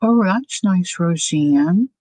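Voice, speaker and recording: A woman's voice: fairly low pitch, lively intonation, takes it slowly, a little mellow, no room sound, rough recording. A woman hosting a crafting livestream, chatting casually, thinking aloud and answering viewer comments as she works. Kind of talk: casual chat while crafting.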